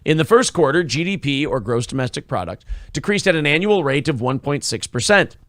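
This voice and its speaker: Brief: wry, cussing male host, a touch high-pitched, dry close mic. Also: expressive, fairly quick, fairly bright tone, dry recording. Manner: sarcastic, profane, mock-outraged. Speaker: podcast co-host. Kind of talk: casual chat.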